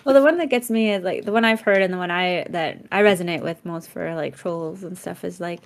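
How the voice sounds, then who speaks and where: A woman's voice: on the low side, a little fast, gravelly. A woman co-hosting a podcast, chatting casually and acting out the people in her stories. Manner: animated storyteller who acts out quotes. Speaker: podcast co-host. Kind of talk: casual chat.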